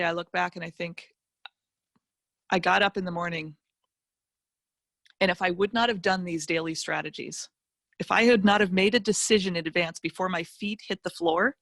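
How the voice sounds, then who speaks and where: A middle-aged woman, a financial educator appearing as a guest speaker, tells a personal motivational story with emphatic, animated delivery and vivid asides. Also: on the low side, no room sound, clean studio sound.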